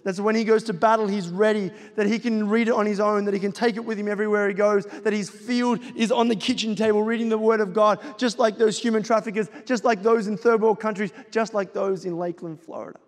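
A middle-aged man delivers a sermon in a fairly high voice, driving home his points with repeated exhortations. His voice carries the long reverb of a large church hall. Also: fairly even intonation, fast, few pauses. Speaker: pastor.

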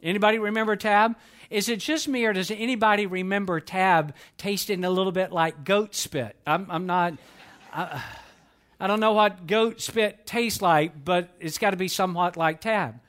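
A middle-aged man delivers a Sunday sermon with a fairly high voice. He tells stories earnestly and slows right down when he quotes scripture. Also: fairly bright tone. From Georgia, US. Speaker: pastor.

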